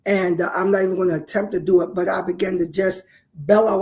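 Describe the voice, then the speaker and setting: A woman's voice: lowish voice, steady tone, brisk, darkish tone. Woman minister chanting affirmations. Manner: coaxing call-and-response to viewers. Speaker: minister and show host. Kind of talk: spiritual affirmation coaching.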